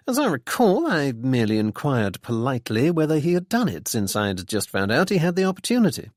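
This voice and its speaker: Brief: male narrator playing a bland, needling gentleman, lively lilt, close dry mic. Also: mid-range voice, fairly quick, no room sound, pitched above the performer's own voice, natural voice. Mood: ironic. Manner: dry, ironic, politely needling. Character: wry young gentleman sleuth, bland and teasing.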